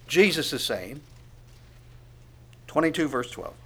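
A man preaching a sermon, asking the congregation questions and swinging from quiet asides to loud proclamation. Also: on the high side, very animated, moderate pace, long pauses. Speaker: pastor.

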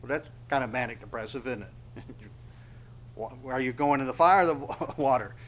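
Impassioned preacher man, rising to loud peaks. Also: mid-range voice, brisk. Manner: explains word by word, asks listeners to underline. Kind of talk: expository sermon.

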